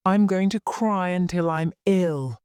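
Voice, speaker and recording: A reader voicing a spoiled, quarrelsome young woman in an audiobook, going high and shrill when angry. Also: a little slow, a little mellow, clear, resonant tone, no echo, close to an everyday voice. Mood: cross. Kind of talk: audiobook reading.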